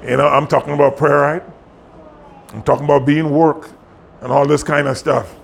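A man's voice: on the high side, little pitch movement, normal speed, vocal fry, a little hiss or hum. A pastor in his sixties preaching a sermon, talking plainly and joking with his congregation while in pain. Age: 60s. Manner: conversational, jokes with the congregation. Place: church sanctuary.

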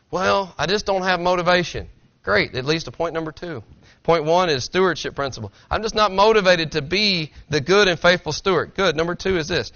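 Bright-voiced earnest preacher, dull lo-fi sound. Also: male voice, a little high. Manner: earnest, conversational preaching with rhetorical questions. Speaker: pastor. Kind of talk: sermon. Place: church sanctuary.

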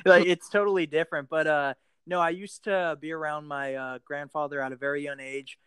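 A man with an American accent hosting a casual podcast interview, friendly and quick to laugh, with plenty of fillers. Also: fairly high pitch, steady tone, a bit bright, smooth, no echo. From United States. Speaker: podcast host.

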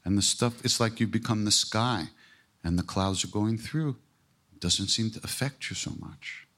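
A man's voice: on the low side, normal speed, a bit bright. An older man giving a casual spiritual talk as a podcast host, emphatic and irreverent, with blunt swearing and self-mocking jokes.

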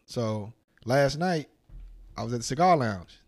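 A man's voice: mid-range voice, a little fast. A man co-hosting a podcast, telling a long story in casual profane chat and acting out the other people's lines. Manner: animated, profane, voices other people in quotes. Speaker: podcast co-host.

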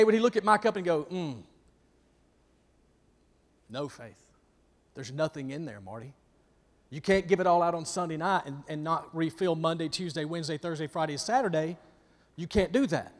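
A man with a high voice preaches to a church congregation, jumping between loud emphatic lines and near-whispers. He calls out to people in the room by name. His voice rings with the long reverb of a big hall. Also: fairly quick. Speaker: pastor. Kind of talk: sermon.

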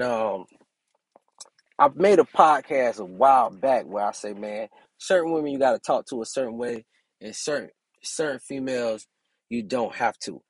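A man's voice: mid-range voice, dry recording. A brash young man hosting his own podcast, talking casually and preaching with plenty of profanity. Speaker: podcast host and relationship coach.

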